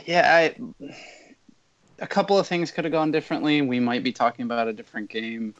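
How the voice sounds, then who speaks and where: Halting man on dull lo-fi audio. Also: mid-range voice, fairly bright tone. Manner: halting, self-correcting, reflective. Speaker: podcast panelist. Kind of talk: casual football podcast chat.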